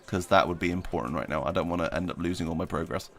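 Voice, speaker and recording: A man with a low voice talks very fast on a livestream, reading chat questions aloud while he plays. He rambles in a casual, self-deprecating way and laughs frequently as he answers viewers.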